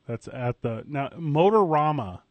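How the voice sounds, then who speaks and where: A man's voice: on the high side, lively intonation, dry recording, lo-fi sound. A man hosting a morning sports radio show, bantering and teasing his co-host. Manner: playful, jokey, quick to tease. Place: radio studio. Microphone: studio microphone.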